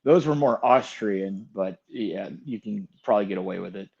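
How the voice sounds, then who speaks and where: A man's voice: fairly low pitch, moderate pace, gravelly, a little mellow, husky, muffled recording. A man co-hosting a podcast in casual chat, wry and profane, often trailing off into mutters. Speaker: podcast co-host.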